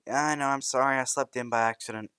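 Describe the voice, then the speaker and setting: A man voicing a hurried, flustered teenage hero boy in a fan storybook reading. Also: mid-range voice, steady tone, pushed and bright, clean tone, no echo, lightly acted.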